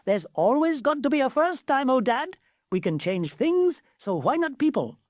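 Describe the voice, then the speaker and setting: A woman's voice: sits high, sing-song, normal speed, darkish tone, no room sound, clean studio sound, voice pushed up. A woman voicing a brash, boastful young male genie in a storybook. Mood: cocky. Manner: brash, boastful, casual slang.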